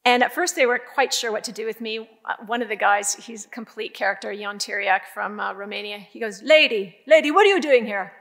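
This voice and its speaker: An older woman giving a keynote speech, telling stories in a lively way with emphatic, repeated phrases. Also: mid-range voice, a little fast, vocal fry, hardly any pauses. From Canada. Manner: lively storytelling, emphatic repetition. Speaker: keynote speaker.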